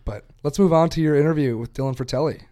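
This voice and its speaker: A man's voice: a little high, fast, dark tone. A man co-hosting a golf podcast, arguing his points emphatically. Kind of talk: casual podcast chat.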